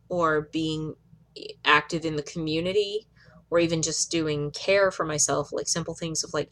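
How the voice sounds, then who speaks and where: A woman records a personal video update to the camera. Her voice sits low, and she speaks haltingly, with frequent fillers, pauses and restarts as she gathers her thoughts. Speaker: vlogger. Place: in or near Fresno.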